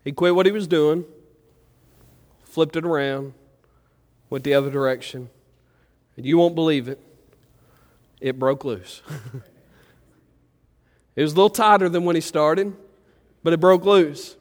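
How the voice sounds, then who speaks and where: His voice on the high side, a male pastor in a church sanctuary speaks at a measured pace and pauses often, the space giving a big-room sound. He spins a folksy, rambling, warm story thick with fillers and then leads a prayer.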